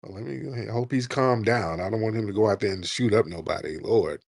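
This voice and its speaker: Laughing, taunting roundtable host. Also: male voice, lowish voice, fairly quick, vocal fry, a little mellow, dry recording, studio quality. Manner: crude taunting, laughing often. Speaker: host of a live call-in roundtable. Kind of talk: live stream roundtable banter.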